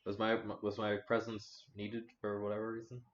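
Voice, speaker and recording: A man's voice: fairly low pitch, monotone, moderate pace. A man, the host's husband, bantering casually with dry, deflecting retorts. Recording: roomy, muffled, off-mic with light noise.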